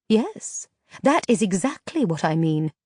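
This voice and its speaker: A woman reader voicing a powerful sorceress who speaks slowly and calmly. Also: medium pitch, breathy edge, no echo, clean studio sound. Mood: cool. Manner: slow, calm, measured. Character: calm, cold, powerful older sorceress.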